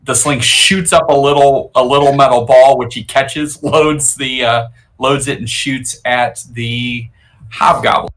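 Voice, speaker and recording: A man plays his turn in a tabletop game, describing his character's actions in a relaxed, halting way. He talks at a middling pitch with easy, casual pacing. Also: poor audio. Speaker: player.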